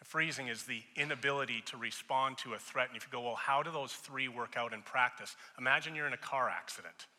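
A male pastor in his thirties preaches in a conversational way, lending voices to the people he quotes. His tone is very bright and forward. His words trail off into a long reverb, as from a church sanctuary. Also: medium pitch, brisk, hardly any pauses. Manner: conversational preaching, acting out quoted voices and rising loud in stories. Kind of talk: sermon.

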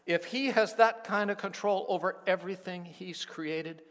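A man preaching a sermon, with slow, deliberate phrasing that swings between hushed passages and emphatic peaks. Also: high voice, long reverb tail. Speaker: pastor.

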